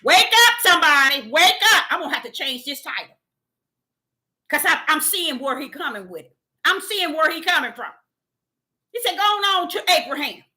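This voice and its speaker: A woman's voice: high-pitched, animated, normal speed, pauses often, sharp tone. A woman preaching a spontaneous sermon, fervent and exhorting. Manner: fervent, exhorting, retells visions in dialogue.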